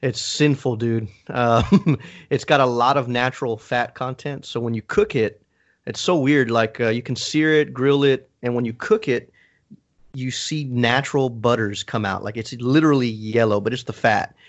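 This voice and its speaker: A man's voice: medium pitch, steady tone, normal speed, dull audio. A man in casual chat who stops and restarts often, calling people dude and man.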